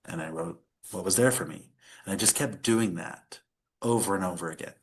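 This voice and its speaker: A man's voice: low voice, moderate pace. A middle-aged man, a podcast guest, telling a personal story in earnest conversation, with many fillers.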